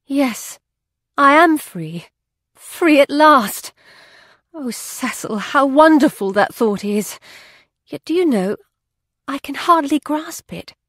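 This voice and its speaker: A woman's voice: high-pitched, animated, a little slow, a bit bright, dry recording, studio quality, pitched above the performer's own voice, heavily acted. A woman voicing a proud, guarded young businesswoman who speaks in a composed, clipped way in an audiobook. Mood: elated.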